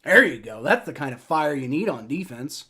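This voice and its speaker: A man's voice: a little high, big pitch swings, normal speed, bright, forceful tone, slightly rough. A young man hosting a live play-by-play reaction stream, ranting and swearing in frustration as a fan. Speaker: livestream reaction host.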